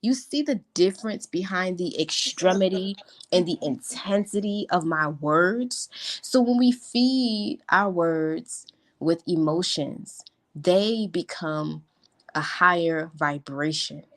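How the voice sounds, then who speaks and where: Animated woman coach on a live stream. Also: on the low side, slow. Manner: animated, emphatic, stretches positive words. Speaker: life coach.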